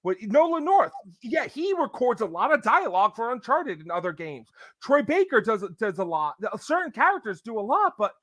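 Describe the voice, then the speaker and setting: Male podcast host, lively and opinionated, dry close sound. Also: very high voice, moderate pace, few pauses, no room sound. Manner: animated, ranting, breaks into impressions. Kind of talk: casual opinionated chat.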